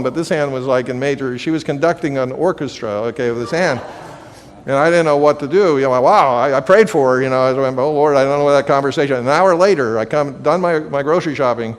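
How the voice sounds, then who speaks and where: Male lecturer, casual storytelling delivery, somewhat high pitch, recorded with long room reverb. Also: fairly quick. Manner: conversational, with filler and anecdotes. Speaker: teacher. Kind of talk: lecture to a live audience.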